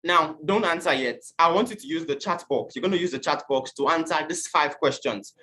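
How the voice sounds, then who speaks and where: A man's voice: fairly high pitch, expressive, brisk, slight background noise. A man from Nigeria gives an online class lesson. He talks in an earnest way and keeps putting questions to his class. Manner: earnest, asks the class questions, acts out shouted quotes. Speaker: youth teacher.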